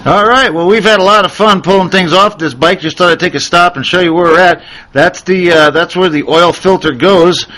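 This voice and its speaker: A man's voice: high voice, brisk, pushed and bright, rough recording. A man hosting a motorcycle webcast, telling a rambling story and showing repair steps in a casual way. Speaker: host. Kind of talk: casual how-to chat and storytelling.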